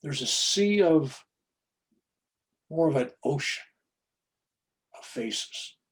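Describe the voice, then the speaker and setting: A man in his seventies, a podcast guest, telling a personal story in an animated, chatty way with many "you know"s. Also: a little high, slow pace.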